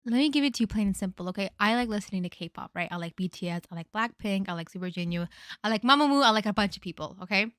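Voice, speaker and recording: A woman's voice: medium pitch, fairly bright tone, no room sound, studio quality. A woman reading online stories aloud and adding her own blunt, chatty comments. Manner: brisk, chatty, blunt asides. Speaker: storytime narrator. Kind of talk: reading online posts with casual reactions.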